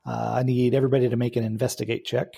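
A man narrating a tabletop game as game master, relaxed and hesitant with many fillers. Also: mid-range voice, racing, vocal fry, husky, faint music behind.

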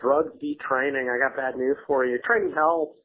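A man's voice: mid-range voice, fairly even intonation, moderate pace. A man in blunt casual chat, profane and emphatic as he rants. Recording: tinny phone-like audio.

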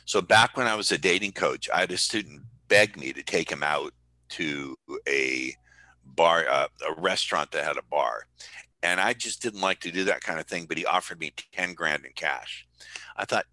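A man with a very low, deep voice and a strikingly bright, forceful edge speaks in a dry, close sound. He tells stories emphatically and boastfully, slowing down with dramatic pauses. It is a podcast interview. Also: no echo, poor audio. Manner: boastful, energetic. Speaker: guest, persuasion coach.

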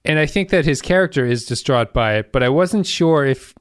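A man's voice: fairly high pitch, expressive, a little fast, clean tone, dry recording. Dry-voiced man co-hosting a podcast. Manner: thinks aloud, reads listener comments. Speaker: podcast co-host. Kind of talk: casual podcast discussion.

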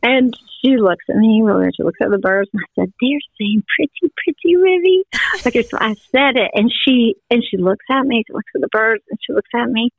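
An older woman with a lilt tells family stories in easy, rambling podcast chat. Her voice has a gravelly fry and comes through a tinny, phone-like channel. The sound is dry, with no room around it. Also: fairly quick, hardly any pauses, dry recording. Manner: warm storytelling with playful high quoted voices. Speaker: guest.

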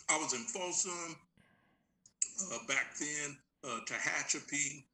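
A man's voice: a little high, takes it slowly, poor audio. A middle-aged man, telling stories in a casual interview and acting out the people he quotes. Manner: animated storyteller, acts out quoted voices. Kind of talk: casual storytelling conversation.

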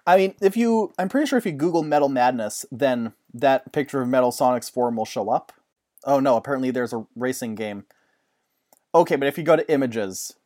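Excitable rambling man chatting. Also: mid-range voice, brisk. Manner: excitable, rambling, laughs often. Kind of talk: casual chat.

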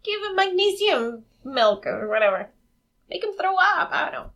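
Bright, high-voiced giggly woman. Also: sing-song, normal speed. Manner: giggly, playful running commentary. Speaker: movie commentator. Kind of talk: casual watch-along chat.

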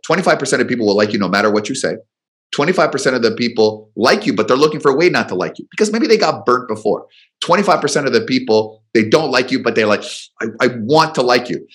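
A man telling business stories as an interview guest, animated and quick to repeat words as he goes. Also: mid-range voice. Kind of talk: storytelling in an interview.

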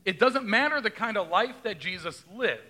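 A man's voice: high voice, lively intonation, normal speed, bright, forceful tone. A male pastor giving a conversational sermon, often asking his congregation questions and retelling scripture in his own words.

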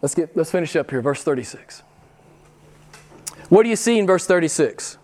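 A middle-aged man preaching a sermon, swinging between loud emphatic lines and hushed, whispered asides. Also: fairly high pitch, lively intonation, normal speed. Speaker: pastor.

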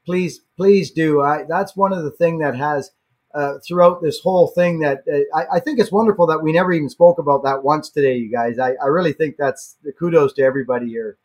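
A Canadian man with a fairly high, husky voice. He talks earnestly and often doubles up on words as he gets going. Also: brisk, a little mellow. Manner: earnest, repeats words as he starts sentences. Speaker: guest, YouTuber. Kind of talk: casual conversation.

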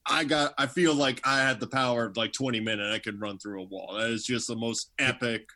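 Bright-toned man hosting an interview. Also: mid-range voice, steady tone, a little fast. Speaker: podcast host. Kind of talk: casual interview.

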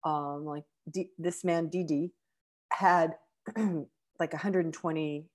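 A woman's voice: low-pitched, fairly even intonation. Emotional woman telling a personal story. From United States. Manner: emotional, heartfelt, halting with fillers. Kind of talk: personal anecdote.

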